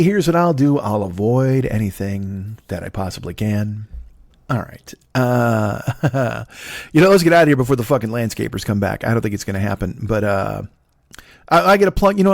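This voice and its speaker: A man's voice: mid-range voice, dry recording, clean studio sound. A man in his fifties hosting a solo comedy podcast, rambling in a profane, self-mocking way with wandering asides. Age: 50s. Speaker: podcast host.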